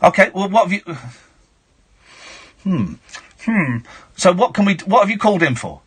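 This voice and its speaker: A man hosting a late-night radio phone-in, sarcastic and quick to dismiss callers. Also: high-pitched, big pitch swings, a bit bright, breathy edge. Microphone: studio microphone.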